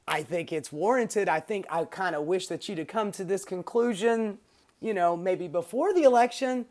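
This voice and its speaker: A woman's voice: medium pitch, moderate pace, darkish tone. A woman hosting her own political commentary show, ranting casually with sarcasm and swearing.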